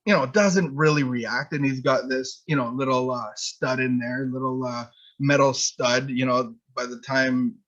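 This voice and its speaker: A man's voice: mid-range voice, a bit bright, dull audio. A man teaching on addiction recovery, telling rambling, self-deprecating personal anecdotes full of restarts. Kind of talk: personal storytelling talk.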